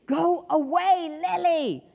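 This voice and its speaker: A woman's voice: high-pitched, wildly swooping pitch, measured pace, darkish tone, pitched above the performer's own voice, full character voice. A woman voicing a naughty, scheming young boy in a storybook reading in a large hall. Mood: sneaky, irritated.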